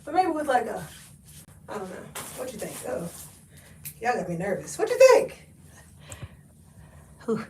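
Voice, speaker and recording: A woman's voice: on the high side, huge pitch swings, unhurried, vocal fry, pauses often, warm tone, far from the mic, a little hiss or hum. A woman hosting a live thrift try-on, chatting folksy with viewers, laughing and calling them honey and y'all. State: out of breath. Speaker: thrift haul livestream host. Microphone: camera mic, often stepping away from it. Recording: echoey room, voice often off-mic.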